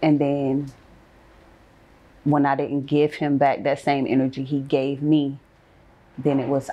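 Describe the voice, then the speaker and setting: A woman talking in a casual group chat, telling a personal story in a calm, measured way. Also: extremely low pitch, highs cut off, a little hiss or hum.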